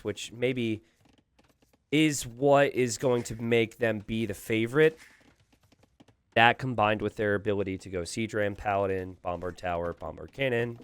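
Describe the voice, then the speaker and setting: A man casting a live strategy game, thinking aloud with animated asides to his viewers. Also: medium pitch, smooth, dry recording. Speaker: game caster.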